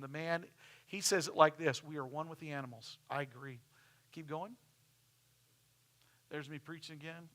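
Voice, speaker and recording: Bright-voiced chatty preacher. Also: male voice, a little high. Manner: chatty, storytelling, acts out quoted people. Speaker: pastor. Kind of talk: casual sermon, telling stories over slides. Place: church.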